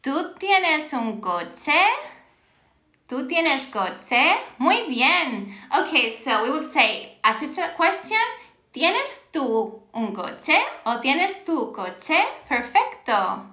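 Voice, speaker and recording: A woman teaches Spanish on a live stream, slowly and warmly encouraging her viewers as she reads out their answers and praises them. Her voice is high and bright, and she laughs easily as she mixes English and Spanish. The sound carries a roomy echo. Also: sing-song. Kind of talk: live-streamed language lesson. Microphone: phone on a live stream.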